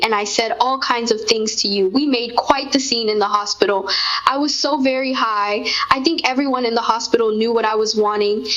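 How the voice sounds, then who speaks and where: A woman in casual conversation with her partner, telling their shared story in an animated way. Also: fairly high pitch, muffled recording. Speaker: co-host recounting a shared memory.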